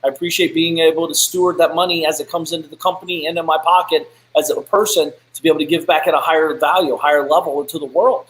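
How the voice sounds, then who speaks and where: A man's voice: on the high side, fairly even intonation, quick pace, hardly any pauses. A man hosting a live business show, giving a blunt, profane, fired-up motivational rant. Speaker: business podcast host. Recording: echoey room.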